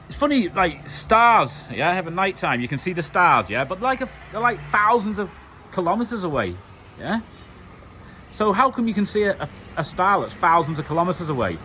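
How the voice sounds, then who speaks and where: A man's voice: fairly high pitch, sharp tone, slight background noise. Chatty British man rambling outdoors. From United Kingdom. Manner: chatty, loose and conversational with many fillers. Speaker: vlogger. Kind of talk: casual rambling monologue to camera.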